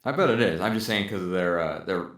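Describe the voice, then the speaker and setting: A man with a very deep voice talks in a relaxed, measured way, chuckling now and then. His voice rings in an echoey room. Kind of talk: casual chat.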